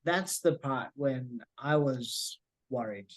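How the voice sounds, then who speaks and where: A man, the patient's husband, answering in an interview in a slow, halting way, with restarts and throat clearing. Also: medium pitch, no room sound.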